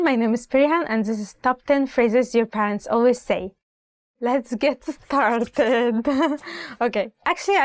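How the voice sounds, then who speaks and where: A woman's voice: fairly high pitch, darkish tone, no echo. A young woman with an Egyptian accent teaching language phrases, saying each one and repeating it with a translation, chatty and full of "like". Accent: Egyptian Arabic. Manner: chatty, peppered with "like", acts out scolding parent lines.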